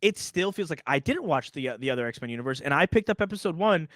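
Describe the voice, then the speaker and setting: A young man co-hosting a casual chat, relaxed and enthusiastic with easy chuckles. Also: a little high, quick pace, no echo. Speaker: podcast co-host.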